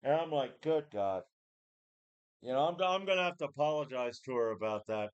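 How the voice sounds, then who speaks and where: A fast-talking, animated man with a medium-pitched, clean voice, its highs cut off, rants casually to camera about his home gym. He sounds run-down, rambling and cursing, frequently repeating and restarting.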